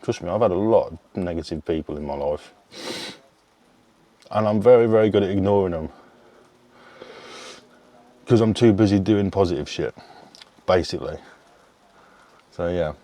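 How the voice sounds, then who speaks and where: A man's voice: low-pitched, moderate pace, long pauses, mellow, dry recording. A man, chatting casually to camera as a fitness coach, rambling and swearing freely. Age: 30s. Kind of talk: casual vlog chat.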